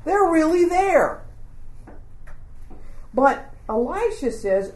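A woman teaching a Bible lesson to a group, telling the story in an informal, animated way and asking the group questions. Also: mid-range voice, a little slow, reverberant.

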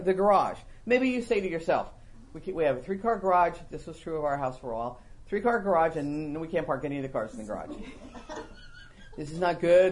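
A woman hosting a Christian talk show, chatting animatedly and often poking fun at herself. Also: lowish voice. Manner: animated, self-mocking, laughs often. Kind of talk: casual faith-based talk show chat.

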